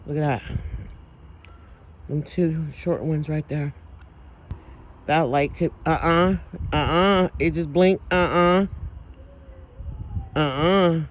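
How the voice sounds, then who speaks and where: Slow-talking awed man outdoors at night. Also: a little high, steady tone, a little hiss or hum, poor audio. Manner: awed, emotional, exclaiming, drawn-out. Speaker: vlogger filming lights at night. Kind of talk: excited casual commentary to viewers.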